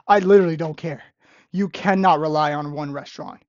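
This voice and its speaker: A woman's voice: sits low, normal speed, a little mellow, no room sound. A young woman, a restaurant busser, ranting in a vlog monologue with sarcastic exasperation and repeated phrases. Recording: dull, lo-fi and dry.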